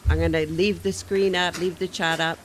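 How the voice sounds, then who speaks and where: A woman's voice: lowish voice, little pitch movement, moderate pace, very noisy. A woman giving livestream commentary on a court trial, ranting indignantly and sometimes restarting her sentences.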